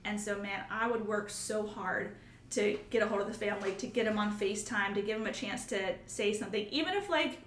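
A woman's voice: mid-range voice, a little fast, slight background noise. A woman who hosts a podcast and works as a nurse, talking earnestly and with feeling. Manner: earnest, emotional, acts out quoted coworkers. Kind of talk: heartfelt podcast conversation. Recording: roomy sound from a distance with faint ambience.

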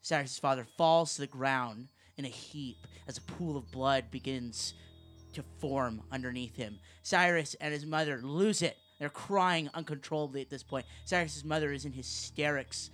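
Slow, measured male game master. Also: on the high side, fairly even intonation, a bit bright. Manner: slow and descriptive, with some restarts. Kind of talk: narrating a tabletop game.

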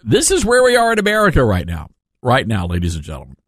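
A man hosting a talk radio show in a sarcastic, mocking monologue, with halting fillers and chuckles. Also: mid-range voice, wildly swooping pitch, no room sound, studio quality.

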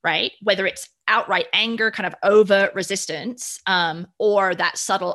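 A woman's voice: medium pitch, moderate pace, hardly any pauses, fairly bright tone. A woman speaking earnestly in a reflective podcast conversation, often checking in with "right?".

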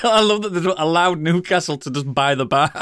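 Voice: medium pitch, moderate pace, a bit bright, clear, resonant tone, dry recording. Teasing podcast host, dry sound. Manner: teasing, laughs often, moves the show along. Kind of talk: casual chat.

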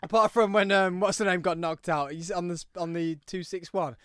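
A man's voice: sits high, brisk, smooth, no echo, clean studio sound. A man hosting a casual podcast, joking and laughing with friends, sometimes reading a sponsor ad. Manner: animated, laughing, jokey. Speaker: podcast host.

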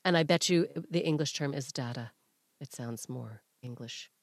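A young woman from Canada, a comedian guest on a podcast, joking and chatting in an animated, rambling way. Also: a bass voice, moderate pace, no room sound, clean studio sound. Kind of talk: casual chat.

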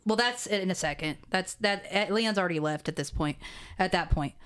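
Woman, low-pitched, smooth, dry dismissive movie recap, casual podcast chat. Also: normal speed, fairly bright tone. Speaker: podcast co-host.

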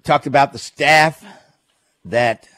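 A man's voice: mid-range voice, slow pace, fairly bright tone, no echo. A man hosting a call-in radio show, telling stories in a chatty, amused way and reading out the phone number. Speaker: radio talk show host. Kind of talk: casual call-in radio talk.

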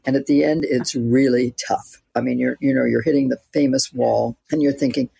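Gravelly, husky woman in her eighties. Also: extremely low pitch, steady tone, moderate pace, dark tone, dry recording. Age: 80s. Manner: chatty and reflective, laughs lightly mid-sentence. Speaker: guest, actress and author. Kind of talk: casual interview chat.

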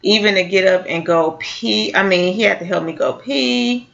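A woman's voice: mid-range voice, moderate pace, gravelly, fairly bright tone. Woman in casual chat with dull sound. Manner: laughs often, short backchannel replies. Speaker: co-host.

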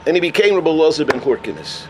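A man telling stories in a sermon as a Torah teacher, animated, with Hebrew and Yiddish terms woven into his English. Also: a little high, rapid-fire, background noise. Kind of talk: sermon storytelling.

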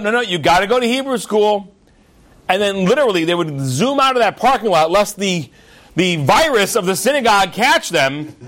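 A man teaching a Torah lesson as a rabbi, telling stories in an animated way and acting out the characters. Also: sits high. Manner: animated storyteller, acts out the characters.

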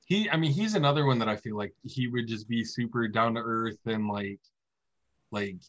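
A man's voice: medium pitch, moderate pace, fairly bright tone, muffled recording. A man co-hosting a podcast, chatting casually and reacting with short, easygoing replies. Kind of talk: casual chat.

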